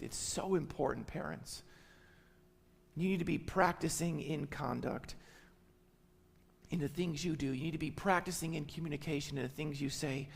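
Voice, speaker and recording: High gravelly preacher, echoing hall. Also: male voice. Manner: emphatic, repeats phrases for stress. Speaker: pastor. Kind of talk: sermon. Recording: long hall reverb.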